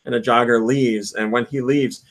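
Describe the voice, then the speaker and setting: A man's voice: mid-range voice, fairly even intonation, moderate pace. A man hosting a casual podcast, reading out news and telling stories with frequent laughs. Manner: reads out quotes and news, laughs often. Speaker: podcast host.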